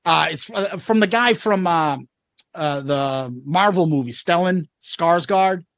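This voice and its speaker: A man's voice: a little high, takes it slowly, a bit bright, no room sound, clean studio sound. A man co-hosting a casual podcast, rambling and profane as he retells scenes. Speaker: podcast co-host. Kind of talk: casual chat.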